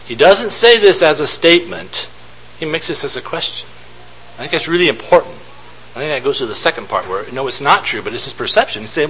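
A man's voice: a little high, expressive, a little fast, fairly bright tone, husky, rough recording. A man giving an informal Bible teaching, thinking aloud and posing rhetorical questions to his listeners.

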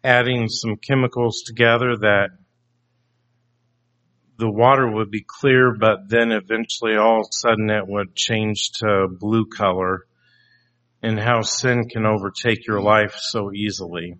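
Slow, deliberate male preacher, lo-fi. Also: lowish voice, steady tone, a bit bright. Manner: asks the congregation questions, slow and deliberate. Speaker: pastor. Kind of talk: sermon. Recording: dull lo-fi recording.

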